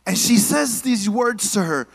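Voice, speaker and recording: Male preacher with a high voice, lively and joking, drawing the congregation into call-and-response. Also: unhurried, gravelly, husky. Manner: casual, joking asides. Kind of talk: sermon. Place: church.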